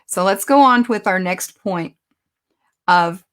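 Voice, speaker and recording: A woman giving a conversational sermon, telling stories and slowing down to stress her points. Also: mid-range voice, expressive. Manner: conversational, storytelling, self-deprecating asides. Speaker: speaker teaching a Bible lesson.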